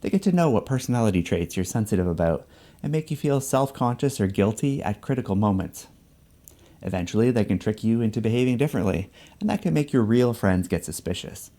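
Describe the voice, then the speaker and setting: Low, mellow-voiced man narrating an essay. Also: lively intonation. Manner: measured, explanatory. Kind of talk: scripted narration.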